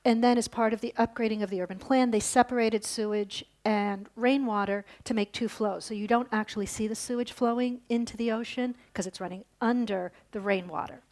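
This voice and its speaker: A woman's voice: on the high side, steady tone, fairly quick, few pauses, darkish tone. A woman giving a conference lecture, telling a story and then explaining it, with fillers and restarts. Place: lecture hall.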